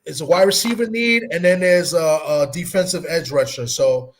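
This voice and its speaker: A man from Puerto Rico with a slightly high voice chats about football. He thinks aloud, padding his points with fillers and restarts. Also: normal speed, slight background noise. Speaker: guest fan analyst. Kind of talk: casual sports talk.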